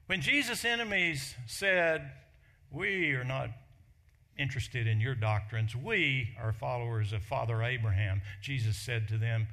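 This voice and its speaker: A man preaching a sermon, with emphatic delivery that slows and lifts on key phrases. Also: fairly high pitch, expressive, bright, forceful tone. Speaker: pastor.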